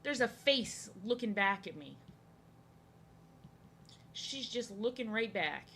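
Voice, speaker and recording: A woman's voice: on the high side, animated, slow pace, a bit bright, a little hiss or hum. A young woman chatting casually to her live-stream viewers while she draws, often saying her lines twice. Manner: chatty, repeats herself, greets viewers. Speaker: art streamer.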